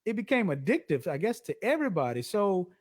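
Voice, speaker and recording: A man guest telling stories in a goofy, dramatic way, deliberately speaking higher than his natural voice. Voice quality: deliberately raised speaking pitch. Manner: animated, goofy, dramatic storytelling. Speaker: guest songwriter and live-stream host. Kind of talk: casual interview chat.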